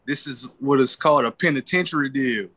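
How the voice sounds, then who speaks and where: A man's voice: mid-range voice, fairly quick, pushed and bright, no room sound. Punchy blunt man, dry sound. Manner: blunt, punchy, laughing quips. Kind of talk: casual panel chat.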